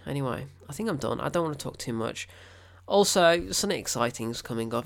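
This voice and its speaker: A man's voice: medium pitch, lively intonation, fairly quick, vocal fry. A man, gushing and rambling in a casual film review. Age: 20s.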